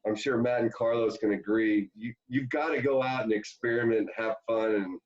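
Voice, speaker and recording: A man's voice: mid-range voice, normal speed. Man, former ballplayer, casual storytelling, filler-heavy, muffled lo-fi sound. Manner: rambling, animated anecdotes with many fillers. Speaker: former pro baseball player, guest. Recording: dull lo-fi sound.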